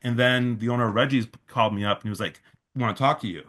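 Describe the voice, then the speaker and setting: A man's voice: medium pitch, rapid-fire, a bit bright. A man, a festival organizer, telling a long story in a casual interview, full of fillers and restarts, quoting others in his own voice.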